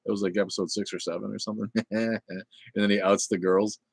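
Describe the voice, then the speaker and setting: A man's voice: fairly low pitch, level tone, fast talker, creaky, breathy edge, no echo. A middle-aged man hosting a casual livestream, chatting in a rambling way with lots of fillers and restarts, blunt and irreverent as he reads viewer comments. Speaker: livestream host.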